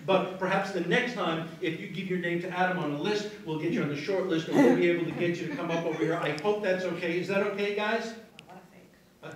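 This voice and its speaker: High-ish guy hypnotist, lulling patter, super echoey room heard from far off. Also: heavy background noise. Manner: slow soothing suggestions, then apologetic banter. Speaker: stage hypnotist. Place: live venue with audience. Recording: echoey room, taped from afar.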